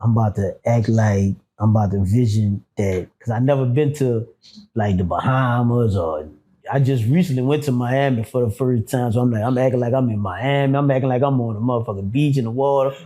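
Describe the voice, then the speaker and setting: A man telling prison stories in a casual interview, animated and profane, acting out quotes. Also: mid-range voice, a little fast. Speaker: guest, former prisoner.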